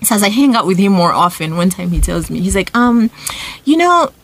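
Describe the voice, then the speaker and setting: A woman's voice: on the low side, quick pace. A woman from Uganda, co-hosting a podcast and telling a personal story in a casual group chat, often asking "right?". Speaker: podcast co-host.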